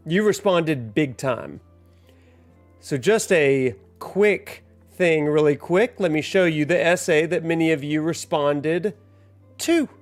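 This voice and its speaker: A man's voice: on the high side, expressive, slow. A man hosting a casual livestream, chatty and upbeat, laughing often. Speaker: livestream host. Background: soft lo-fi music.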